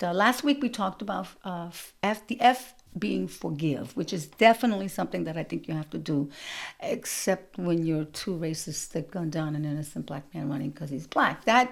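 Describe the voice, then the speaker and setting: A middle-aged woman hosting a show, telling family stories in an animated, punchy way with sudden loud bursts. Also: lowish voice, gravelly. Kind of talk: storytelling monologue.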